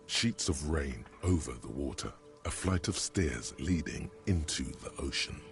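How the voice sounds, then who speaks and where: A man voicing a brooding, deadpan inner-voice narrator in a video game, deep and measured. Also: creaky, full character voice. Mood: somber. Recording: game audio with music playing.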